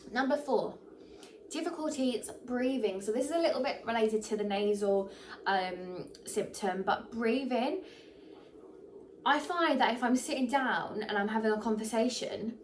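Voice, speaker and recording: A young pregnant woman, chatting casually to camera, animated and full of fillers, a little short of breath. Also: fairly high pitch, a little slow, far from the mic, slight background noise. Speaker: vlogger.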